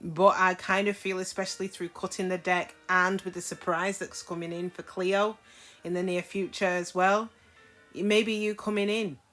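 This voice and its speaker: A woman's voice: fairly low pitch, flat delivery, normal speed, a bit bright, faint music behind. A woman giving a casual tarot reading to camera, frank and chatty, often checking in with her listeners. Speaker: tarot reader.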